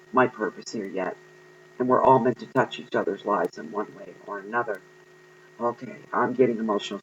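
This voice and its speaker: A man's voice: on the low side, muffled recording, slight background noise. Earnest man giving a tarot reading. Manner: earnest, encouraging, with frequent ums. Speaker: tarot card reader. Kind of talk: spiritual tarot reading to viewers.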